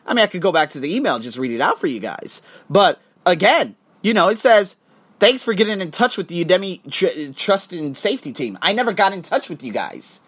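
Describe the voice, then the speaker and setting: A man's voice: high-pitched, very animated, a little fast, a bit bright, husky. A man hosting a podcast, ranting heatedly with lots of swearing and repeated phrases. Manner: heated, profane, repetitive ranting. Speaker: podcast host. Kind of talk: angry podcast rant.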